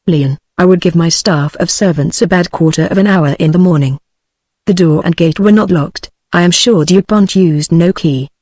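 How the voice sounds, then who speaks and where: A text-to-speech woman's voice with a British English accent, reading a novel aloud in an even, uninflected way, giving every character the same voice. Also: fairly low pitch, dry recording. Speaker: audiobook reader. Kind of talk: synthetic audiobook narration.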